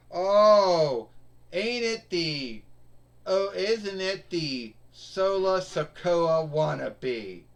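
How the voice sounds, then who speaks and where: Male narrator, casual toy-wrestling storyteller, rambling, unhurried. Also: mid-range voice. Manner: rambling, repetitive.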